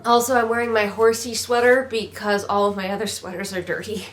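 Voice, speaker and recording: A woman talks through a book she clearly finds ridiculous, in a loose and sarcastic review. Her exasperation shows in the frequent swearing. Her voice sits at an ordinary middle pitch. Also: normal speed, hardly any pauses, fairly bright tone. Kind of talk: casual book critique.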